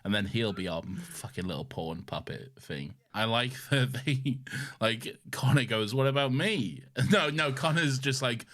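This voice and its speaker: A man's voice: mid-range voice, unhurried, a bit bright. A man co-hosting a podcast, chatting casually about a TV show, sarcastic and often laughing. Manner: laughing, sarcastic, acts out quotes. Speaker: podcast co-host.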